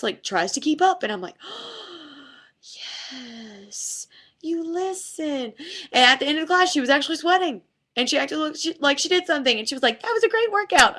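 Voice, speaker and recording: A young woman, a fitness instructor, telling a personal faith story to camera in a chatty, animated way, full of "like"s, and acting out what people said. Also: high voice. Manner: chatty, animated retelling with many "like"s, acting out quotes. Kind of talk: casual devotional storytelling to camera.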